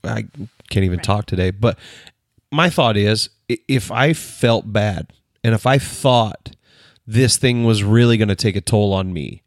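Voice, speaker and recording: Man, home podcast co-host, calm and reflective, dry sound. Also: on the low side, a little slow, no echo. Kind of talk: casual chat. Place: home room.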